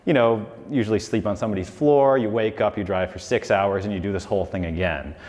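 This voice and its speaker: A designer in his forties gives a casual, rambling lecture about his own story, filling it with "like" and "you know." His voice is on the low side and darkish, he talks fast, and the lecture hall adds a long reverb.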